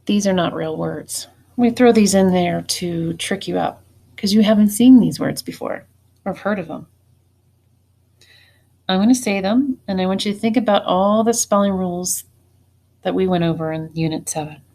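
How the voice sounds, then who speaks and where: A woman teacher giving a spelling test, saying each word slowly and deliberately and then saying it again. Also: mid-range voice, vocal fry, mellow. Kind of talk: slow spelling dictation.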